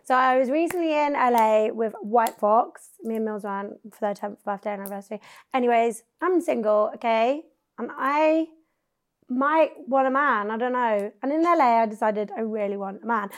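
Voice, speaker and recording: A chatty young woman with a British accent hosts a casual podcast. Her voice sits a little high. She tells stories in a loose, swearing, teasing way. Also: moderate pace. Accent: British English. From England. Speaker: podcast host. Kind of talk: casual chat.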